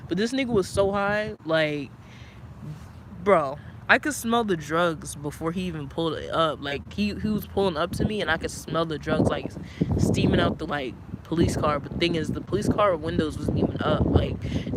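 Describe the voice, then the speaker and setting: A man telling a long story to a livestream in a rambling way, full of filler words and swearing. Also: on the high side. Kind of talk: casual storytelling. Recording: loud wind noise on the mic.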